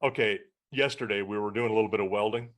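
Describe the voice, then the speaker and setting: A man's voice: lowish voice, quick pace. A man co-hosting a podcast who tells stories in casual chat and acts out the back-and-forth of what people said. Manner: animated storyteller, acts out quoted exchanges. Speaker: podcast co-host.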